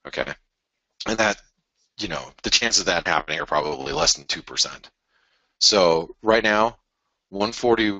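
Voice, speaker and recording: Man, forex show host, deep voice, bright forceful tone, restarts sentences, chart analysis. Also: dry recording, muffled recording. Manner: animated, restarts sentences, argues with imagined viewers. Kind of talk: live trading chart analysis.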